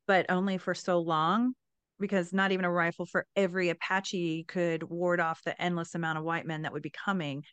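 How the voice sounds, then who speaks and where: A woman hosts a story podcast, summing up a novel and reading passages aloud with enthusiasm. Her voice is smooth, clear and somewhat low, and it sounds dry and close. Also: no room sound. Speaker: podcast host.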